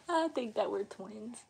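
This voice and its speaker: Chatty young mom. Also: female voice, mid-range voice, creaky, slightly rough. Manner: chatty, folksy, laughs easily. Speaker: mom vlogger. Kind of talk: casual live-stream chat. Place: family home, indoors. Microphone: phone.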